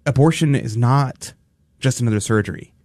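A man's voice: medium pitch, normal speed, darkish tone, no room sound. Male radio host, mid-range voice, emphatic and argumentative, dry studio mic. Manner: emphatic, with mocking put-on quotes. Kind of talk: talk radio discussion.

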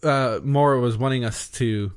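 Deadpan man trading quips on a podcast. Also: medium pitch, normal speed, smooth. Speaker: podcast co-host. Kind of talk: casual chat.

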